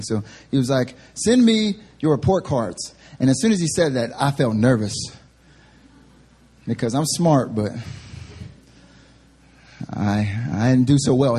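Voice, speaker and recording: A young adult male pastor preaching a sermon at a church service, telling a funny story about himself in an animated way. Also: mid-range voice, breathy edge. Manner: animated, self-deprecating storytelling. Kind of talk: sermon with humorous personal story.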